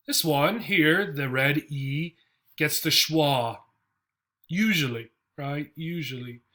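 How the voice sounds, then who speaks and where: Slow, bright-voiced man teaching pronunciation. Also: fairly high pitch. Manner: explains slowly, modeling sounds and checking with "right?". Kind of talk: classroom pronunciation lesson.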